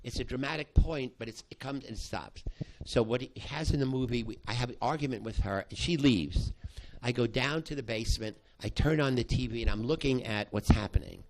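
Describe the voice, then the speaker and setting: An older man, a psychology professor, recounting a past study to an audience in halting speech full of restarts. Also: mid-range voice, noisy background. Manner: halting, with many restarts, acting out quoted voices. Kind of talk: spoken storytelling to an audience.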